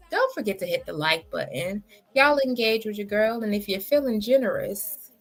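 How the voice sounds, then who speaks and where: A woman's voice: mid-range voice, fairly bright tone. A woman hosting a reaction channel, trading blunt, sassy trash talk with plenty of laughs. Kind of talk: casual reaction commentary.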